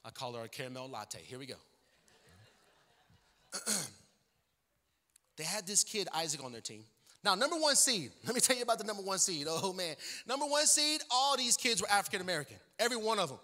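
Here a man preaching as a guest pastor spins a humorous story in a church sanctuary, his casual delivery packed with fillers. He speaks fairly quickly in a high-pitched, very animated voice with a bright, forceful tone, and the hall's long reverb fills the recording.

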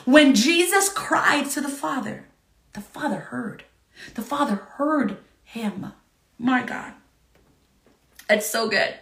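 Woman leading a Bible study, high voice, earnest and excited, echoey room. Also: slow, gravelly, pauses often. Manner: earnest and excited, reads scripture aloud with feeling.

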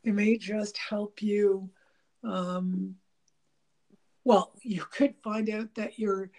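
A woman's voice: mid-range voice, drawn-out words. A woman talking casually about relationships, rambling with many fillers and restarts, laughing and acting out bits of dialogue. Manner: animated, laughing, mimics dialogue.

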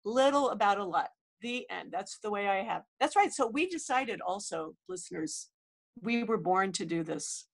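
A woman's voice: mid-range voice, expressive, normal speed, gravelly, slightly rough. Nasal-voiced woman podcast co-host. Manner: chatty, self-deprecating, laughs often. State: fighting a cold. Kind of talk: casual chat.

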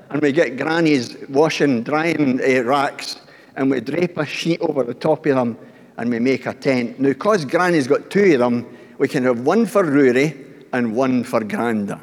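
A man's voice: medium pitch, animated, normal speed, breathy edge, long reverb tail. An older man preaching a sermon, telling the story with acted-out voices and asking the congregation questions.

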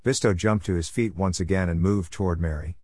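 A man with a lowish voice narrates a story, steady and measured. The sound is dry and close, with no room around it. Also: no echo.

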